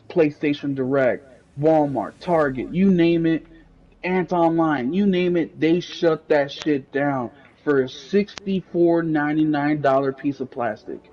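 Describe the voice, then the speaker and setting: A man's voice: on the high side, a little mellow, highs cut off. A man co-hosting a casual gaming podcast, telling a story in a blunt, ranting way with plenty of swearing. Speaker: podcast co-host.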